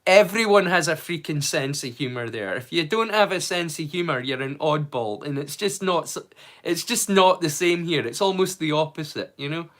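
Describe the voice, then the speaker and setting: A man with a fairly high, lively voice hosts a laid-back livestream watch-along at a normal pace. He chats, jokes and swears freely with viewers, greeting them loudly and brightly.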